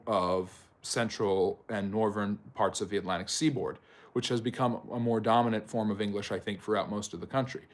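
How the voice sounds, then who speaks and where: A man hosting a live history Q&A stream. He answers viewers by name and explains at length, with frequent ums and self-corrections. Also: fairly low pitch. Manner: talks directly to chat viewers by name. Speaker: history channel host.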